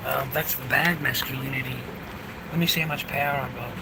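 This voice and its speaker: Outdoors on a city street with passing traffic, an Australian man gives a rambling, casual vlog monologue, profane and blunt, with "mate" directed at the listener again and again. His mid-range voice has vocal fry, fairly even intonation, and a fairly quick pace.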